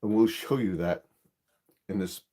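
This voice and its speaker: A man's voice: lowish voice, a little slow, dark tone. A man hosting a gardening channel's live stream, explaining equipment in a casual, repetitive way with many fillers.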